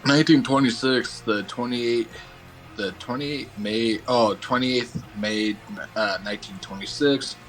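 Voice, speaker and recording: A man's voice: mid-range voice, steady tone, measured pace, soft background music, low-quality recording. A young man as guest in a casual chat, stumbling over hard words and swearing casually.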